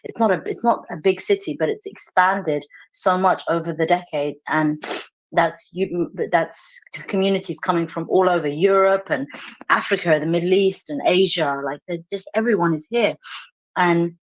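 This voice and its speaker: A woman's voice: lowish voice, low-quality recording. A woman from London with an English accent, joining a casual live audio chat as a listener and speaking in an earnest, effusive way. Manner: earnest, effusive, talks in halting restarts. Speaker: audience member joining the chat.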